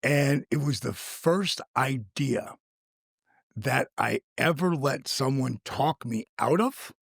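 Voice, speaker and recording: A man who is a guest on a podcast, telling stories with lively energy in a casual conversation and acting out the voices of other people. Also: medium pitch, slow pace, vocal fry, husky, no room sound, clean studio sound. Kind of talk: animated storytelling in casual conversation.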